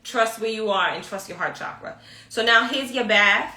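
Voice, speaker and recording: A woman's voice: fairly high pitch, normal speed, sharp tone. A woman teaching a spiritual ritual to viewers, emphatic and repetitive, often checking in with "okay?". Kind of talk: instructional talk to viewers. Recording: echoey room, mic at a distance.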